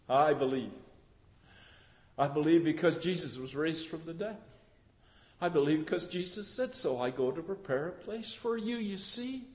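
An older man preaching a sermon with passion, swinging from hushed tones to shouts. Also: on the high side, lively intonation, normal speed, big-room sound.

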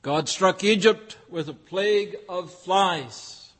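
Brief: male pastor with a high voice, measured, rhetorical sermon delivery in a reverberant church. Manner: deliberate, rhetorical, repeats phrases for emphasis.

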